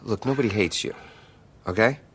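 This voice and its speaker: An actor playing a grown man who calmly reassures an awkward coworker in a film scene. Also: lowish voice, moderate pace, breathy edge. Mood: reassuring. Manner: reassuring, matter-of-fact.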